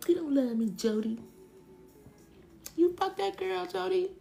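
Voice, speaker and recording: A woman putting on a shrill furious young woman. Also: animated, unhurried, vocal fry, dark tone, faint music behind, full character voice. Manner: shrill, accusing. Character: furious young woman accusing her cheating boyfriend.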